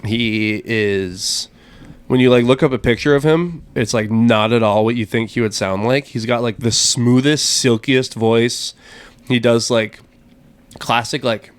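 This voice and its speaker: A man's voice: medium pitch, steady tone, unhurried, clear, resonant tone, no echo. A man co-hosting a book podcast in casual chat, rambling with lots of fillers and enthusiasm. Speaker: podcast co-host.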